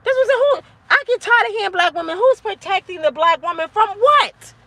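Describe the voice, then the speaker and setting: Woman, fifties, high pitch; blunt profane straight-talking vlogger lecture. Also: expressive, fairly quick. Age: 50s. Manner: blunt, preachy, profane, yelling at times. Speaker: motivational vlogger. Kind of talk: impassioned monologue to camera.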